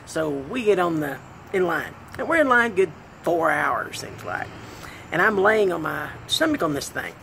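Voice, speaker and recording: A woman vlogger telling a comic personal story, animated and self-deprecating, laughing as she goes. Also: lowish voice, moderate pace, vocal fry, slight background noise, low-quality recording.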